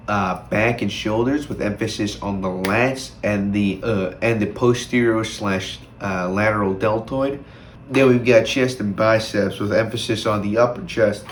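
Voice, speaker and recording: A man's voice: on the low side, a little hiss or hum. Chatty young man in an echoey room. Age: young adult. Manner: chatty, rambling, with many fillers and restarts. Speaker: fitness vlogger. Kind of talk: casual fitness vlog.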